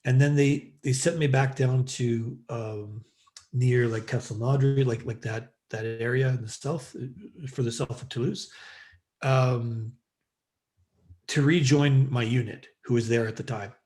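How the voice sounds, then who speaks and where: A man's voice: medium pitch, steady tone, a little slow, darkish tone. A middle-aged man from Western Canada, a podcast guest telling a long story in a loose, rambling way with lots of fillers. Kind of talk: casual storytelling interview.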